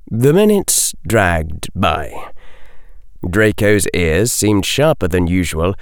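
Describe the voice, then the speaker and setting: Low-voiced male narrator for audiobook, slow and measured, dry studio sound. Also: sing-song, smooth, dry recording. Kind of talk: audiobook reading.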